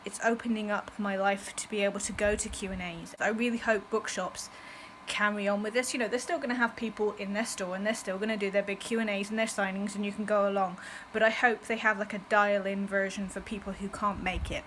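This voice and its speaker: A woman chatting in a casual book vlog, bubbly and gushing and quick to laugh. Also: medium pitch, fairly even intonation, fairly bright tone, slight background noise, poor audio. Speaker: book vlogger.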